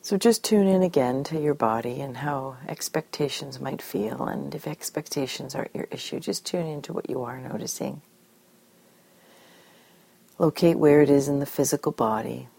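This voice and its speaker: A woman guiding a tapping session in a calm, gentle way, giving phrases for the listener to repeat. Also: very deep voice, moderate pace, gravelly, breathy edge, no room sound. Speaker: tapping practitioner.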